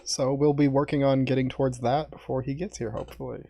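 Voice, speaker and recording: A man's voice: mid-range voice, flat delivery, quick pace, dark tone, slight background noise. A man as dungeon master, giving a loose, chatty recap of the last session to a streamed tabletop group. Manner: chatty, loose, with fillers and asides. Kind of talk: casual recap on a game stream.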